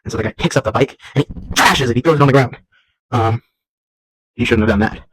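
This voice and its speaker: A man's voice: medium pitch, a little fast, a bit bright, rough recording. Young male vlog host, home setting, loose and rambling, comedic. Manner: goofy, rambling, jumps into silly voices. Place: at home while folding laundry.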